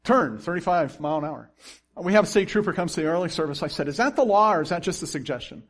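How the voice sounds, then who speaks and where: A man's voice: high-pitched, racing. A pastor preaching a sermon, acting out the people he quotes and laughing now and then. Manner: animated preaching with acted-out quotes and chuckles.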